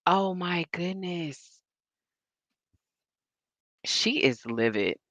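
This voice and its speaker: A woman at home giving animated, casual live reaction commentary, exclaiming and laughing easily as she goes. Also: fairly low pitch, very slow, dry recording. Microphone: recording without headphones.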